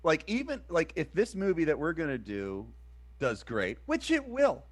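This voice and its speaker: Man, forties, stream co-host, stammering restarts, very lively pitch. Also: normal speed. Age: 40s. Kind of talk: casual chat.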